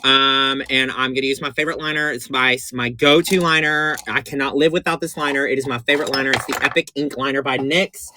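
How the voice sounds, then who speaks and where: Bright, campy drag queen chatting live. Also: mid-range voice, fairly even intonation, brisk, hardly any pauses. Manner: campy, chatty, calls viewers honey and baby; gushing and repetitive. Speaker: drag performer doing a makeup tutorial. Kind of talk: casual livestream tutorial.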